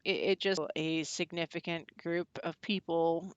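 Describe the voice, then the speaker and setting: A woman with a fairly low voice, rambling through a casual livestream chat with plenty of ums and restarts. Her remarks are wry and blunt. The sound is dull and lo-fi, and very dry. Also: little pitch movement, clean tone, dry recording. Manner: halting and rambling, many fillers and restarts. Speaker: pagan witch hosting a channel.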